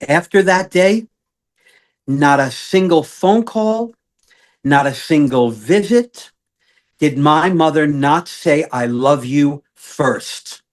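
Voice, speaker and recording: A man's voice: fairly high pitch, lively intonation, takes it slowly. Earnest man telling a personal story. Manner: earnest, many fillers and restarts. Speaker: guest, self-awareness coach.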